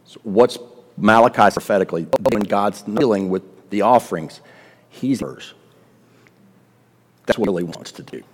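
A man's voice: on the low side, normal speed, long pauses, slightly rough, long reverb tail. A pastor preaching a sermon to his congregation, emphatic and asking them questions as he teaches.

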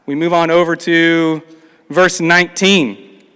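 A man's voice: on the high side, fairly even intonation, slow pace, pushed and bright, clear, resonant tone. A man preaching a sermon, reading scripture aloud and acting out the complaints of the people in between. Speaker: pastor. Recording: long hall reverb.

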